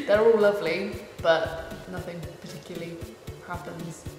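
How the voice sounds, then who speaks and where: A young woman reads out questions and chats in a lively, casual way. Her voice bounces around a reverberant room with a long echo. Music plays clearly underneath. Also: on the low side, unhurried. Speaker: cosplay vlogger. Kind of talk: casual chat.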